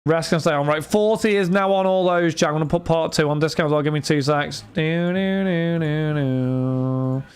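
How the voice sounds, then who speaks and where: A man's voice: on the high side, steady tone, quick pace, hardly any pauses, clear, resonant tone. Chatty man hosting a live stream. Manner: chatty, addresses chat and viewers by name, frequent restarts. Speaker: livestream host running card breaks. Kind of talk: casual livestream chat.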